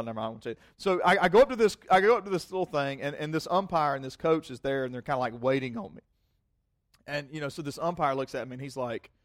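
A pastor preaches a sermon built around a personal story, told in a rambling, self-mocking way, with frequent repeated words and both sides of a conversation acted out. His voice is mid-range, with no echo and clean studio sound.

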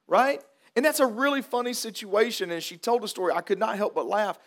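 Male pastor, high voice, folksy storyteller turned earnest preacher. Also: animated, quick pace. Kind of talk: funeral sermon with storytelling.

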